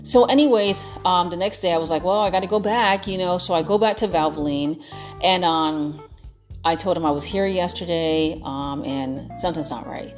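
A woman's voice: lowish voice, moderate pace. A woman telling a personal story in a chatty, exasperated way, with lots of fillers and asides to her viewers. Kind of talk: casual storytime monologue. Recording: faint music behind.

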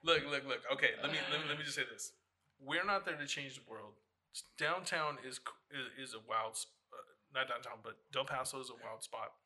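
Dude rambling on a podcast, tons of ums, sharp bright voice, middle pitch. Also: male voice, fairly quick. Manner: rambling, lots of ums and restarts. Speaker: podcast guest running an art space. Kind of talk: casual podcast chat.

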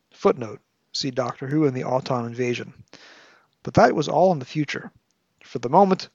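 A man's voice: fairly high pitch, no echo, highs cut off. A man hosting a podcast, reviewing a novel with analytical, wry commentary and reading excerpts aloud. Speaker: podcast host.

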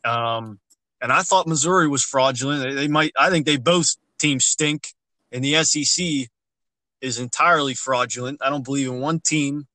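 A man's voice: mid-range voice, normal speed, bright, forceful tone, dry recording, rough recording. A man co-hosting a casual sports podcast, ranting bluntly about college basketball and swearing freely. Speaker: podcast co-host.

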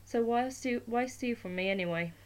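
A woman's voice: a little high, moderate pace, pitched above the performer's own voice, lightly acted. A woman voicing a nervous young male thief in a storybook reading, stammering and anxious.

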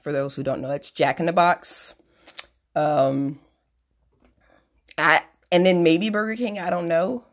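A young woman with a low, deep voice talks straight to her listeners in a profane solo rant. She is blunt and sarcastic and pokes fun at herself along the way. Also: measured pace, long pauses. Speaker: podcast host.

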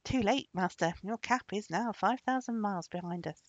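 A woman's voice: mid-range voice, normal speed, no room sound, close to an everyday voice. A woman voicing an invisible magic servant. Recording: dull lo-fi recording.

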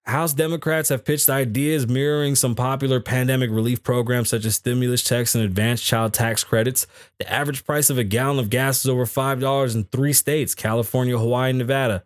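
A man's voice: mid-range voice, steady tone, brisk, no echo, clean studio sound. A man hosting a casual podcast, reading news stories aloud and cutting in with blunt, profane, mocking comments. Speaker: podcast host.

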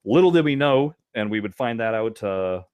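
On a podcast he co-hosts, a man reminisces casually about old stories, an animated storyteller who laughs often and restarts a lot. His voice is fairly low, clear and resonant, at a moderate pace in a dry recording.

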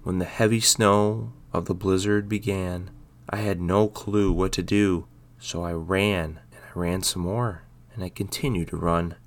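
A man hosting a story podcast, chatting briefly and then reading a Christmas story aloud in a relaxed way. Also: deep voice. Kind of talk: casual intro then scripted story narration.

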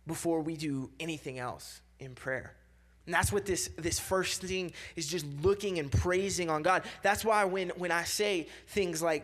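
A man's voice: fairly high pitch, normal speed, a bit bright. A young man giving a casual sermon, talking loosely with many fillers and repeats and acting out quoted voices.

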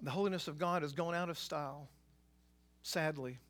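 A man preaching a sermon, swinging between quiet asides and loud, emphatic passages. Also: fairly high pitch, normal speed. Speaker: pastor.

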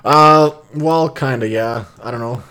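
A man's voice: medium pitch, a little slow, bright, forceful tone, clean tone. A man appearing as a podcast guest, laid-back and agreeable, chiming in with frequent yeahs. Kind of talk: casual chat.

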